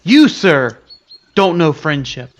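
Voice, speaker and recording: A man's voice: on the high side, big pitch swings, slow pace. A man playing a tabletop game, declaring his moves and speaking in character in a confident way. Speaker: player. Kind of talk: tabletop role-play.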